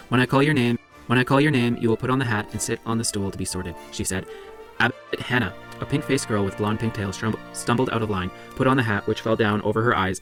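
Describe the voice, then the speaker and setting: Low-voiced man reading a story aloud briskly. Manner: brisk, with small slips and restarts. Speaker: library book club reader.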